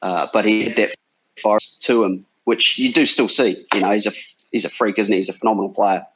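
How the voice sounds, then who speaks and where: A man's voice: fairly low pitch, steady tone, a little fast, fairly bright tone, slightly rough. A man in his forties from New Zealand, a former cricketer chatting casually as a podcast guest with lots of restarts. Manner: chatty, bantering, many restarts. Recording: dull lo-fi sound.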